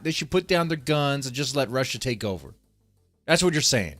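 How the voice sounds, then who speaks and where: A man's voice: medium pitch, animated, normal speed, a bit bright. A man reacting to a video on a live stream, greeting chatters and ranting with heavy swearing. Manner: profane, ranting, mocking. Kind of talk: casual live-stream commentary.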